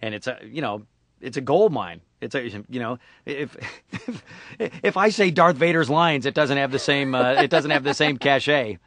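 A man's voice: medium pitch, lively intonation, moderate pace, a bit bright, dry recording. A middle-aged man from Syracuse, New York, chatting loosely in an interview and slipping into playful put-on voices. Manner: jokey, slips into put-on voices and impressions. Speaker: voice actor guest. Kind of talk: casual interview chat.

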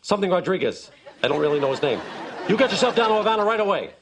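A man voicing a blustery, rambling older baseball team owner in a sitcom clip, talking quickly and drifting off the subject. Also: sits high, a faint crowd, voice pushed up. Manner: rambling, distracted, quick talk. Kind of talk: sitcom acting, voice heard off-camera. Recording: TV clip with steady background noise.

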